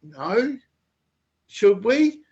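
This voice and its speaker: A man's voice: very high-pitched, big pitch swings, extremely slow, darkish tone, slightly rough, dull audio, pitched above the performer's own voice, heavily acted. A man mimicking a nervous, repetitive man ringing the police, in a sing-song whine. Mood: mocking whine. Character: whiny mocked man phoning the police.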